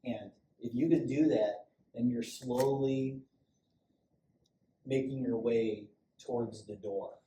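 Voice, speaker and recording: Speaking slowly in a mellow, mid-range voice, a middle-aged police sergeant chats loosely through a safety training talk for a small group, acting out little quotes as he goes. The sound is echoey, picked up from a distance, with faint hiss.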